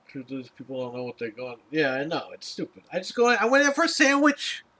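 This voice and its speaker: A man's voice: a little high, wildly swooping pitch, a little fast, bright, forceful tone. Tense, profane ranting man. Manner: profane, exasperated storytelling. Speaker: podcast host. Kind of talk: casual ranting chat.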